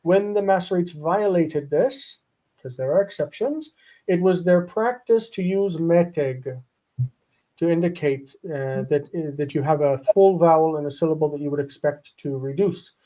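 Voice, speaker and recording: A man's voice: a little high, normal speed, warm tone. A man teaching a live online Hebrew lesson, patiently repeating terms and rules.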